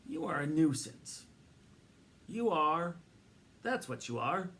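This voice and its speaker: A man's voice: a little high, very animated, takes it slowly, a bit bright, voice pushed up, exaggerated voice. A man voicing a groggy middle-aged man who grumbles and scolds sleepily. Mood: grumbling.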